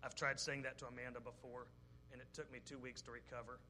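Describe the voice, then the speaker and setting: Bright-voiced pastor preaching. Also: male voice, mid-range voice, flat delivery, fast talker, slight background noise. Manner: folksy and joking, quotes people in their voices. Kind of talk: sermon.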